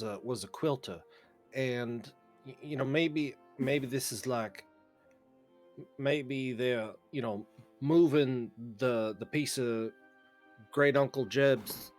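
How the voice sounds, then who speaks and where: A man playing a tabletop game, rambling in a halting, folksy way with many fillers. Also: mid-range voice, a little mellow. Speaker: player. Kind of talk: casual chat in a tabletop game.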